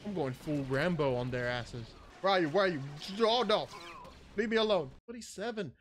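Excitable man in panicky game commentary. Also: high voice, normal speed, soft background music. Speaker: gaming channel host. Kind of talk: gameplay commentary.

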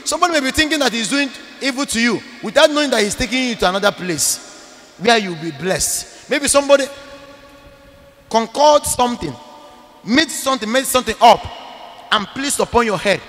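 High, bright-voiced preaching priest. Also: male voice, expressive, moderate pace, big-room sound. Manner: emphatic preaching with sudden loud bursts; repeats phrases for emphasis. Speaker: Catholic priest. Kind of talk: sermon.

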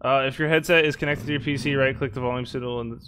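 A young man live-streaming a ranked match, flustered and exasperated as his tech fails, sometimes shouting. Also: medium pitch, fairly even intonation, fast, slight background noise.

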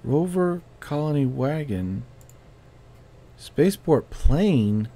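A man's voice: fairly high pitch, animated, takes it slowly, warm tone. A man casually commenting while playing a space-building game, joking around and muttering to himself. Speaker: gaming streamer.

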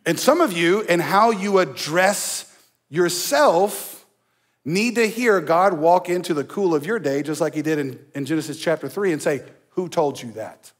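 A man's voice: sits high, lively intonation, moderate pace. A male pastor preaching a sermon in a conversational, emphatic way, with asides to the congregation. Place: church.

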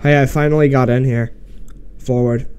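A man's voice: medium pitch, steady tone, normal speed, darkish tone, a little hiss or hum. A man chatting casually while playing a game, repeating short voice commands over and over and swearing in frustration when they fail. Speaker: gamer. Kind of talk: casual gameplay chat.

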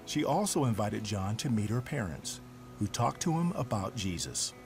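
A man reading the scripted narration of a documentary in a measured storytelling voice. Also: on the low side, sing-song, music in the background.

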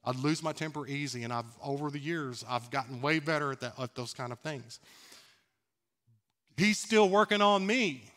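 A man's voice: a little high, normal speed, fairly bright tone. A man preaching a sermon as pastor in a church, talking candidly and conversationally, laughing at himself. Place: church sanctuary.

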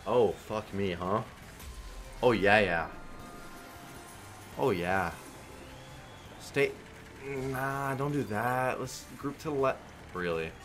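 A man's voice: fairly low pitch, expressive, slow, long pauses, a bit bright, faint music behind. A man streaming online slots, giving casual, profane play-by-play and thinking aloud in a frustrated way.

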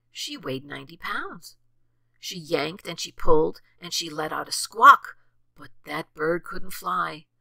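An older woman reading a rhyming storybook aloud with expressive, sing-song rhythm. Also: sits low, gravelly, dry recording.

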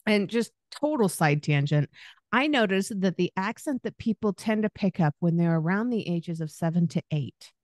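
A woman's voice: on the low side, animated, normal speed, darkish tone, no room sound, clean studio sound. A woman podcast host from Arkansas, chatting in a friendly way and laughing often as she interviews her guest. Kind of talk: casual interview conversation.

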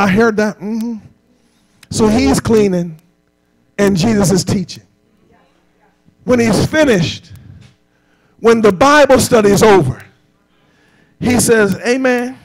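A man preaching a sermon live in church, getting the congregation to repeat after him and swinging from quiet talk up to shouting. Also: poor audio. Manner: builds to shouting peaks, then drops low. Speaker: pastor. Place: church sanctuary, recorded live.

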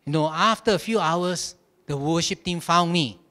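Guy pastor giving a sermon in church, bit high voice, lively funny storytelling, talking into a mic. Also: normal speed. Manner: animated storytelling with humor. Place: church service.

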